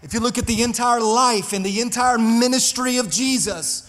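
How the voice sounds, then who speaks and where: Pastor guy preaching hard, high voice, big echoey church. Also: moderate pace, few pauses. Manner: fiery, rising to shouts, talks to the congregation. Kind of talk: sermon. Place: church sanctuary.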